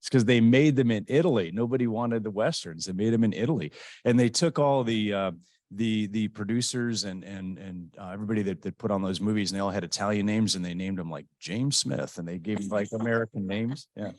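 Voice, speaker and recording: A man co-hosting a webinar in casual chat, relaxed and joking, with lots of fillers and restarts over a video call. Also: fairly low pitch, a little fast, no room sound, clean studio sound. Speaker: webinar co-host.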